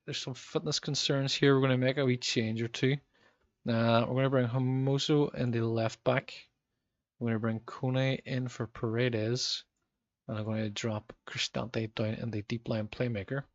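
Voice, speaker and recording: A Northern Irish man in his thirties streams a football management game, chatting with viewers and reacting to match events as they happen. His mid-range voice rambles along with lots of ums, recorded with no room sound and the highs cut off.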